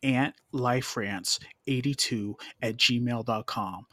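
A man's voice: medium pitch, slow pace, fairly bright tone, no echo. Stammering podcast host man, dry sound. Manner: rambling, stammering restarts. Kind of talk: casual chat.

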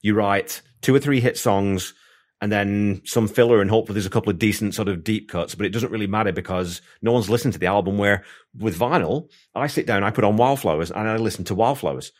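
A somewhat low-pitched man hosts a casual interview, talking in an enthusiastic, rambling way. He circles back on his thoughts and restarts sentences as he goes. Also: brisk. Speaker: podcast host.

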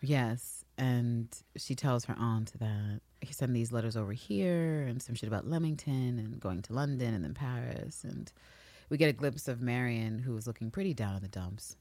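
A woman co-hosting a podcast, recapping a TV episode in casual, animated chat and acting out quotes. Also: extremely low pitch, normal speed, no echo. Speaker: podcast co-host.

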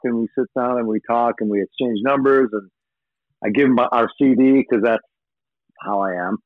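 A man's voice: medium pitch, moderate pace, no echo. A man telling rambling, profane anecdotes as a guest in a casual interview. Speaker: rock musician guest. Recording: tinny phone-like line, dry.

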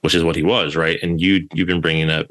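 A man's voice: extremely low pitch, level tone, quick pace, a bit bright. A man co-hosting a podcast, discussing a book in a casual, hesitant way with frequent restarts. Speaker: podcast co-host.

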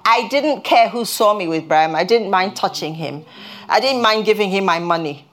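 A woman's voice: mid-range voice, animated, fairly bright tone. Earnest woman preaching a sermon. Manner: earnest, halting restarts, rises when stirred. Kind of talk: sermon with personal testimony.

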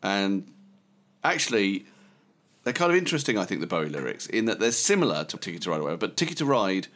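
A man talks through a music podcast in a loose, musing way, often trailing off and restarting his thoughts. His voice sits fairly low. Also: sing-song, fast talker, fairly bright tone. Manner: musing, hesitant, digressive. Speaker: podcast co-host. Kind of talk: casual chat about music.

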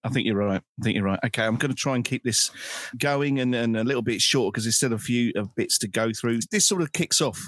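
A man with a husky voice keeps a football podcast moving along. He makes light jokes. The sound is dry and close, with no room echo. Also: medium pitch, fast talker, fairly bright tone. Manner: light, jokey, steers the running order. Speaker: podcast co-host. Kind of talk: casual football chat.

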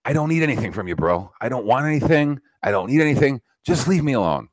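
A man's voice: mid-range voice, very animated, fast talker, no echo. A man hosting a podcast, talking in a blunt, profane, ranting way during casual political chat. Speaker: podcast host.

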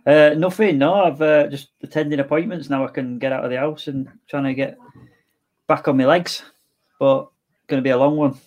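A man's voice: on the high side, steady tone, normal speed, a little mellow, highs cut off. A man, co-hosting a football podcast with laid-back chat and dry quips. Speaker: podcast co-host.

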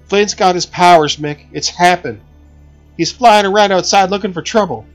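A man's voice: high voice, normal speed, soft background music, voice pushed up, natural voice. A man voicing a tough, brash woman gunslinger who is a mother, talking urgently. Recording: slightly dull recording.

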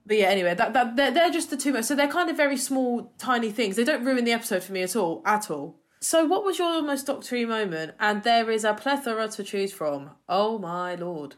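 A woman co-hosting a podcast, chatting in an animated way and often repeating words. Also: on the high side, fairly quick, few pauses. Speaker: podcast co-host. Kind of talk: casual chat.

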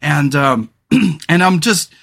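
A man's voice: fairly high pitch, slow, fairly bright tone. Rambling, frank man hosting a podcast. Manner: rambling, frank, with many fillers and restarts. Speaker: podcast host. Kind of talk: casual solo talk.

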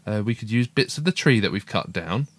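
A man's voice: fairly low pitch, lively intonation, a little fast, no echo. A middle-aged man co-hosting a casual family podcast, chatty and upbeat as he reads out listener emails. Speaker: podcast co-host, father.

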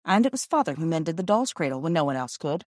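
A woman narrating a classic children's book, in a measured, expressive storytelling manner. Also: deep voice, no echo, clean studio sound. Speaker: audiobook narrator. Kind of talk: scripted narration.

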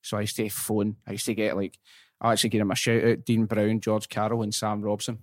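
Lively young Scottish podcast host. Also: male voice, on the low side. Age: young adult. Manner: lively, laughing, quick and animated storyteller. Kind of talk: casual chat, storytelling.

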